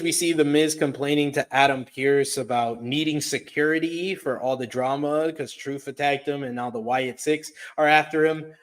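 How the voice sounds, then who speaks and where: Man, slightly high voice, casual recap, chatty co-host. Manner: recaps events in detail, conversational. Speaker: podcast co-host. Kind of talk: casual wrestling review chat.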